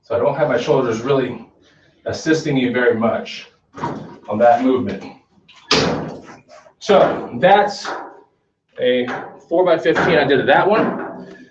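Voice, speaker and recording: A man's voice: medium pitch, takes it slowly, pauses often, background noise. Man coaching from afar in echoey gym. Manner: conversational, checks in with "okay?" often. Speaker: fitness instructor. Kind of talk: casual workout demonstration. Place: gym, indoors. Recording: echoey gym from far off, dull.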